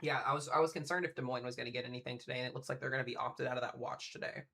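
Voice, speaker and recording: A severe weather streamer gives casual live commentary from home, talking quickly in a bright, forceful, creaky mid-range voice. Eager and chatty, he speaks straight to the people tuning in.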